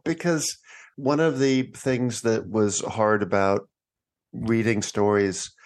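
A man, an author and interview guest, telling stories in a wry way and often breaking into laughter. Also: mid-range voice. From United States. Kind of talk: conversational interview.

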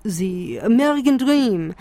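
A woman voicing a scornful, opinionated middle-aged Frenchman, speaking slowly and emphatically with sarcasm. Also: high voice, expressive, warm tone, no room sound. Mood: lecturing.

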